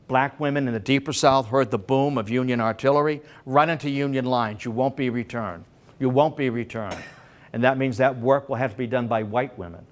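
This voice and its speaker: An older man giving a public history lecture in a senior center room, emphatic, slowing down for dramatic phrases and often restarting his sentences. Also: mid-range voice.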